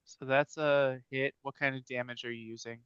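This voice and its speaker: A man running a tabletop game as game master, giving rulings in a measured, matter-of-fact way. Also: medium pitch, little pitch movement, fairly bright tone, clean tone, dry recording. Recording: dry, slightly dull audio.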